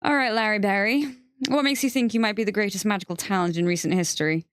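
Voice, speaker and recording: A woman voicing a brisk female executive who speaks in a clipped, businesslike way, cool and faintly amused. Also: mid-range voice, animated, clear, resonant tone, dry recording, studio quality, natural voice. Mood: dry.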